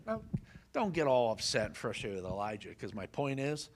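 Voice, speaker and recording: A man preaching a sermon, telling a Bible story with lively, folksy humor and questions for the congregation. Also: mid-range voice, normal speed. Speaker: pastor.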